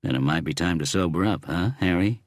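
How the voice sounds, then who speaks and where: A man's voice: deep voice, fairly quick, no echo, studio quality, lightly acted. A man voicing a blunt, assertive woman homicide inspector with an American accent. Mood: challenging. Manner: blunt, loud and clear.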